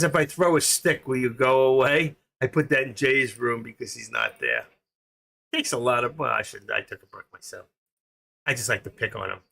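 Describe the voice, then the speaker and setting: A man's voice: mid-range voice, vocal fry, bright, forceful tone. A man with a New York accent from Queens hosting a trading livestream, rambling and joking as he thinks aloud. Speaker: stock trading livestream host. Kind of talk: casual livestream chat.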